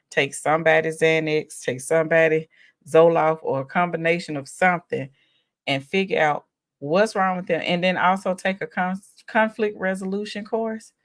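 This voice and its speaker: A woman hosting a casual reality show recap, chatty and exasperated, sighing and laughing as she talks. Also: deep voice.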